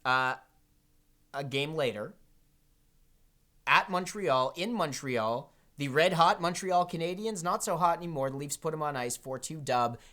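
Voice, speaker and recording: A man's voice: on the high side, unhurried, pushed and bright. A man co-hosting a podcast, chatting casually about sports in a joking, teasing way. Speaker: podcast co-host.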